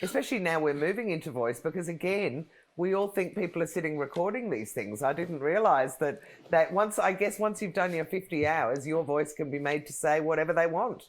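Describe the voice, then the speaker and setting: Woman host, deep voice, chatty and eager, quick to laugh. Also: animated. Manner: chatty and enthusiastic, laughs easily. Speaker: podcast host. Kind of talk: casual interview chat.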